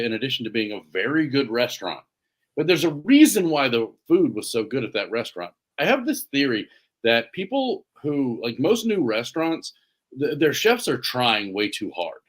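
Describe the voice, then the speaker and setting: A man's voice: mid-range voice, normal speed. A man co-hosting a podcast, chatting casually and rambling through stories. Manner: relaxed, rambling storytelling. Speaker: podcast co-host. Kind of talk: casual chat.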